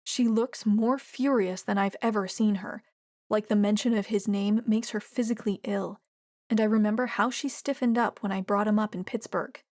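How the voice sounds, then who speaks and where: A woman's voice: medium pitch, steady tone, moderate pace, a little mellow, no room sound. Woman narrating an audiobook, dry sound. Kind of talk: scripted narration.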